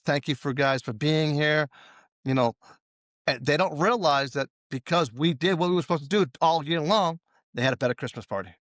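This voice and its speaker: A man's voice: fairly high pitch, moderate pace, a bit bright, dry recording. A man as a safety consultant guest, talking casually in an interview and telling stories with acted-out dialogue. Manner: storytelling, acts out quoted dialogue.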